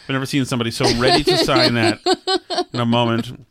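A man's voice: mid-range voice, steady tone, fast talker, a bit bright, dry recording, clean studio sound. A man co-hosting a podcast in casual banter, sarcastic and rambling, with stammered restarts. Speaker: podcast co-host.

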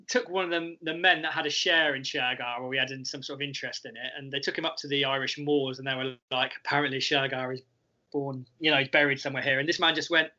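A man's voice: a little high, pushed and bright. A man, co-hosting a casual football podcast, rambling and wry. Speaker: podcast co-host. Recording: dull lo-fi recording.

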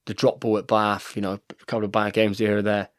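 An English man in his thirties, a professional rugby player, chatting excitedly while rewatching match footage and calling his friend "mate" constantly. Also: lowish voice, a little fast, no room sound, clean studio sound. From England. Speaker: guest, professional rugby fly half. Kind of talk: casual chat while watching match footage.

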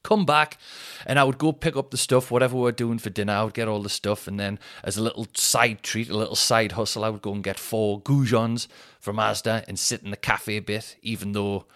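A man's voice: fairly low pitch, fairly even intonation, brisk, fairly bright tone. A young man, a comedian hosting his podcast, rambling through a sweary, self-mocking monologue full of tangents.

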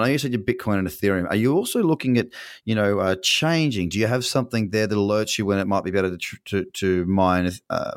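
A man's voice: fairly low pitch, no echo, studio quality. An Australian man hosting a casual interview, asking long rambling questions with many restarts. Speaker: podcast host.

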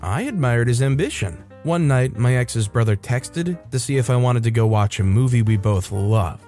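A man narrating online stories in a steady, matter-of-fact scripted reading. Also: medium pitch, normal speed. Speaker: story narrator. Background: soft background music.

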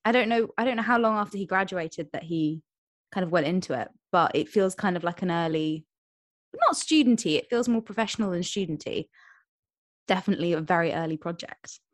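A young woman co-hosting a podcast in casual chat, retelling plots with quick quoted voices. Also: fairly low pitch, animated, no echo. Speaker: podcast co-host.

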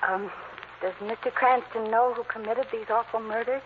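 A woman's voice: fairly high pitch, fairly even intonation, normal speed, close to an everyday voice. A woman playing a timid secretly murderous girl. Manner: stammering, then cold and menacing. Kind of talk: 1940s radio acting. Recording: muffled old radio recording, hiss.

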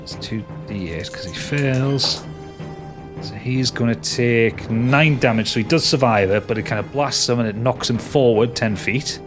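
A man's voice: mid-range voice, unhurried, music in the background. A man narrating as game master of a tabletop game, talking with frequent hesitations. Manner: hesitant, many fillers and restarts.

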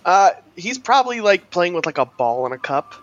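A man's voice: high voice, very animated, moderate pace, muffled recording, faint music behind. A man playing a tabletop game, chatting casually with lots of fillers and easy swearing. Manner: laid-back, swears casually, many fillers. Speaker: player.

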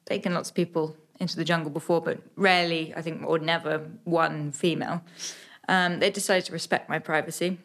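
A young British woman, an adventurer appearing as a podcast interview guest, tells her stories animatedly, with plenty of fillers and restarts. She has a deep voice.

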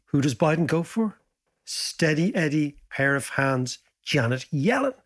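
A man hosting a podcast, chatting in a casual, jokey, animated way. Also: a little slow. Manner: animated, jokey, swoops up in pitch. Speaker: podcast host.

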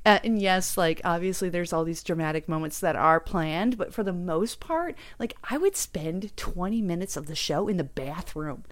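A young adult woman performer talking in a casual conversation, rambling, animated and self-deprecating, laughing often. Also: fairly low pitch, moderate pace, hardly any pauses, slight background noise. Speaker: guest performer and musician.

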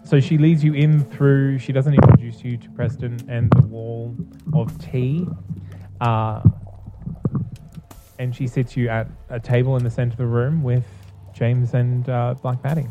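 A man narrating a tabletop game as game master, relaxed and descriptive. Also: medium pitch, measured pace, dull audio, heavy background noise.

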